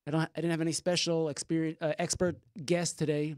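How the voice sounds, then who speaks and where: A chatty man hosting a call-in radio show, his voice sitting a little higher than most. He talks loosely and jokes with his guest. The sound is dry and close, with no room to speak of. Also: level tone, fast talker, few pauses, a little mellow, smooth, no echo. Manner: chatty, jokey, reads out call-in number. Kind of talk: casual radio talk.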